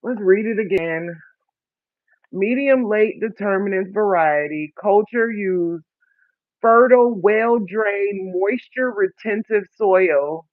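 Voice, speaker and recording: While preparing seeds for his first garden, a vlogger with a high voice chats casually and jokes at his own expense. He reads the seed packet labels aloud haltingly, and the recording is very dry with a tinny, phone-line quality.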